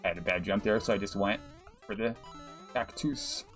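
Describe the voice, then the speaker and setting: हँसमुख पुरुष गेम स्ट्रीमर, बीच-बीच में गाली और हँसी, दर्शकों का शुक्रिया करता हुआ, पीछे धीमा गेम संगीत।. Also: male voice, lowish voice, moderate pace, fairly bright tone, soft background music. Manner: chatty, swears, laughs often, thanks viewers. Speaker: streamer. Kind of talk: live gameplay commentary.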